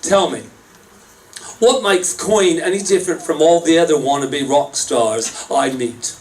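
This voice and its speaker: A man's voice: a little high, a little slow, darkish tone, lightly acted. A man voicing a probing British record producer during a sermon, with a British accent. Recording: distant mic, faint room noise.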